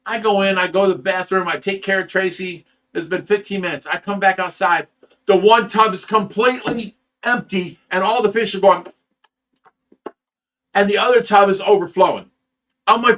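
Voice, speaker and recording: A man's voice: sits high, normal speed, a bit bright. A man who runs a fish rescue, telling a story on a livestream in a heated, profane way and stammering over repeated words. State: sleep-deprived.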